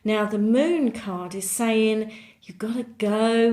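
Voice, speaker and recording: A woman's voice: medium pitch, slow, darkish tone. A woman giving a monthly tarot reading, chatty and encouraging, repeating words for emphasis. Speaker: tarot reader.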